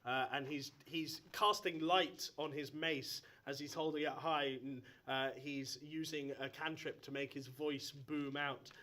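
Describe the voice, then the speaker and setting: Guy dm'ing a live tabletop game in front of a crowd, kinda high, bright voice, lots of uhs. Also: steady tone, unhurried, hardly any pauses. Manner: hesitant, many ums and uhs. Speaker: game master. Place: stage in front of a live audience.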